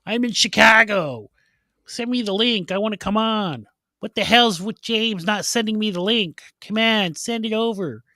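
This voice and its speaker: Man doing a whiny, demanding friend, raised pitch, bright and pushy. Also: moderate pace, dry recording, studio quality. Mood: impatient. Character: impatient middle-aged man nagging for a link.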